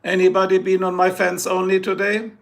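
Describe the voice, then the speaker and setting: High, gravelly man joking on a live stream. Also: monotone, a little fast. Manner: boastful, joking, rambling. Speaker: livestreamer. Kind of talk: casual live stream chat.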